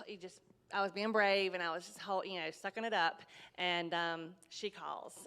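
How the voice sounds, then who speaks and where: A woman speaking as a guest in a casual chat, earnest and halting, with emotional rises as she recounts events. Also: on the low side, a bit bright, smooth, in a large hall. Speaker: kidney recipient, guest.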